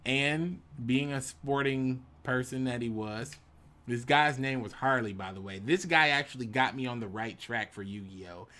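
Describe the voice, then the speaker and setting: A man telling a personal story in an animated, casual way, sometimes jumping into dramatic voices. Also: medium pitch, normal speed. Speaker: YouTube storyteller.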